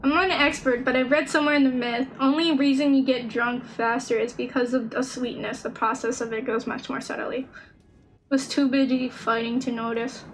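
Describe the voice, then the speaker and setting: High-voiced excitable woman gaming streamer. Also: moderate pace, slight background noise, poor audio. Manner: excitable, swears at the game, rambles. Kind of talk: casual gaming commentary.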